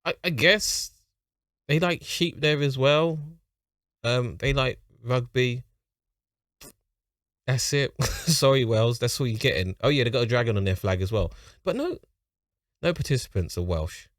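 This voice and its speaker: A man's voice: medium pitch, expressive, a little slow, long pauses, fairly bright tone, no room sound, studio quality. A man with a London accent hosting a reaction video, talking in a rambling, offhand way and chuckling at his own remarks. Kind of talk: casual reaction commentary.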